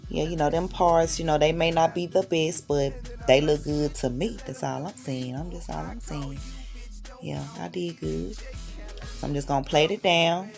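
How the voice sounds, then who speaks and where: A woman's voice: sits low, a little slow, creaky, a little mellow. A woman talks through a home hair tutorial. She chats with her viewers and hypes herself up as she braids. Faint music sits under her voice. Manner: chatty and self-encouraging, hyping herself up. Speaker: hair vlogger, mother of six. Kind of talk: casual tutorial vlog.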